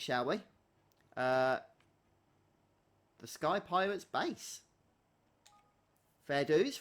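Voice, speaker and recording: A man's voice: on the high side, fairly bright tone. Wry, chatty gaming commentator man. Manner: chatty, wry, reads game text aloud. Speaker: gaming channel host. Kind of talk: let's-play game commentary.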